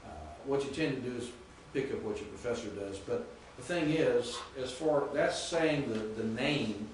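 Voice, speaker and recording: Male professor, methodical lecture delivery, distant mic in a reverberant classroom. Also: medium pitch. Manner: patient, methodical, repeats pronunciations slowly. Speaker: Greek professor. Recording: echoey classroom from far off with faint noise.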